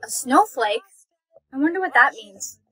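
A high-voiced young woman acts out short comedy skits. She plays them dramatic and whiny, mocking one moment and shrieking the next. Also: expressive, unhurried, bright, forceful tone, slightly rough, dry recording, poor audio. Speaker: skit creator. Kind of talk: comic POV skit acting.

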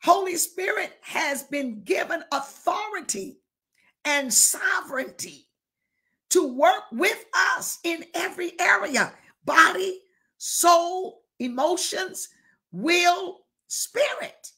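Woman preacher, fervent sermon, unhurried delivery, bright voice. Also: very high-pitched, expressive. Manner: fervent, fires rhetorical questions, calls out to listeners. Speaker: bishop preaching.

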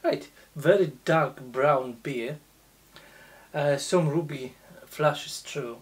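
Slow and relaxed, a woman with a low voice reviews a beer, sharing her impressions bit by bit. She halts often, and the pauses get filled with hesitant fillers.

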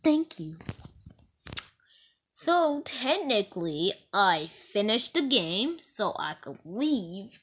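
A woman's voice: mid-range voice, very animated, extremely slow, fairly bright tone, slight background noise. A woman hosting a gaming channel, giving casual gameplay commentary in a playful, giggly way with silly outbursts.

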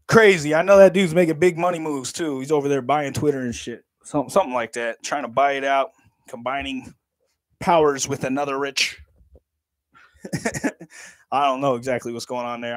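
A man's voice: medium pitch, no room sound. Thirties male streamer, loose and profane, laughs constantly, mid-range voice, dry close mic. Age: 30s. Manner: laughs often, swears casually, talks to chat. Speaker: livestreamer. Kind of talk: casual livestream chat.

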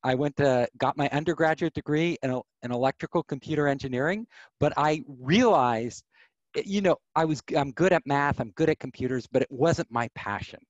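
Animated middle-aged man telling stories. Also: fairly high pitch, no room sound, dull audio. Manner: animated, acts out quoted voices. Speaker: podcast guest. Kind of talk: storytelling interview.

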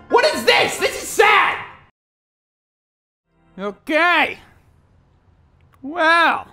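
A young man doing casual, profane commentary while playing a video game, excitable and yelling at the game. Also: very high voice, extremely slow, pauses often. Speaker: gameplay commentator. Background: game music.

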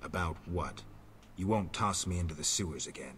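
Gruff monster hunter, terse, flat, extremely deep voice, game soundtrack. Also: male voice, normal speed, a little hiss or hum. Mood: curt. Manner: terse, flat, clipped delivery. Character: gruff grim middle-aged male monster hunter. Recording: game audio with music behind.

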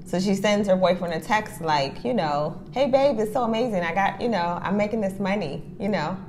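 Woman, podcast co-host, casual chat, animated storytelling, faint background noise. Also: mid-range voice, normal speed. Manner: animated storyteller who acts out both sides of a text exchange.

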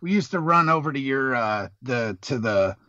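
A man's voice: mid-range voice, animated, normal speed, pushed and bright, no echo, lo-fi sound. A middle-aged man, a Marine veteran guest, telling rambling, profane stories in casual chat.

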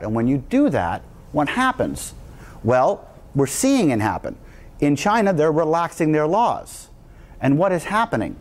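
A man addresses an audience with a slightly high voice. He speaks emphatically and in a rousing way, and his pitch swings widely as he presses each point. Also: sing-song, moderate pace, darkish tone. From United States. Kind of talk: speech to an audience.

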